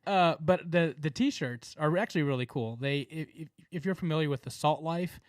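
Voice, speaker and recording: A man's voice: a little high, lively intonation, normal speed, no echo. Man, Southern accent, podcast co-host, casual rambling chat, laughs often, dry recording. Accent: Southern American. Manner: laughing, rambling, filler-heavy.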